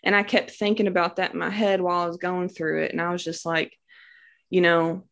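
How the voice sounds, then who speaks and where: A woman's voice: lowish voice, flat delivery, a little fast, creaky, a bit bright. A young woman telling her birth story in a casual, devout way, with many fillers and words of praise. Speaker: new mother sharing a birth story. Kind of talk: casual personal testimony.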